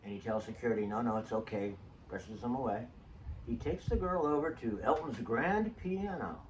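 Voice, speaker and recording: A man's voice: mid-range voice, very animated, moderate pace. A man hosting his own show, telling rambling stories in a casual, digressive way with joking asides to his listeners. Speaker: show host. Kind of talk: casual rambling storytelling monologue. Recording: distant mic with faint background hiss.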